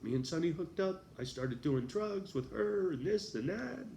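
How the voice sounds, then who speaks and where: A man's voice: high voice, animated, normal speed, creaky, warm tone, echoey room, a little hiss or hum. A man talking casually to his viewers in a rambling, profane vlog monologue, often laughing. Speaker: vlogger.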